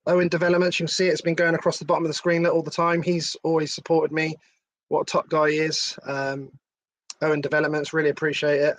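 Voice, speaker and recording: A man's voice: fairly high pitch, flat delivery, quick pace, no echo. A middle-aged man from hosts a live stream in a slightly raised voice. He chats loosely, swears freely and answers viewers' comments. The sound is dry and close, with little room. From England. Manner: chatty, swearing, laughing, reading out viewer comments. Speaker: host. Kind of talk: casual live-stream chat.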